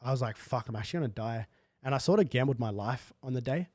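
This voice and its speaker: A man's voice: mid-range voice, lively intonation, quick pace, a little mellow, no room sound, clean studio sound. A young man telling a personal story in a casual, slangy podcast chat full of fillers. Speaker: guest. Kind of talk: candid podcast conversation.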